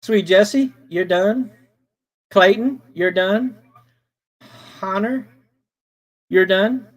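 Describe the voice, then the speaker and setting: Slow-talking man hosting a livestream. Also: sits high, low-quality recording. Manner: slow, drawling, many fillers, greets viewers by name. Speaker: livestream host reading chat. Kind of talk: casual livestream chat.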